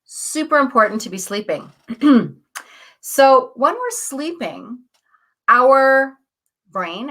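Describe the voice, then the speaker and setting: Upbeat woman host with husky morning voice. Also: a little high, fairly bright tone. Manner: upbeat, chatty, greets viewers, asks "right?" often. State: morning voice, clearing throat. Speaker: host, coach. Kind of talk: live morning show talk.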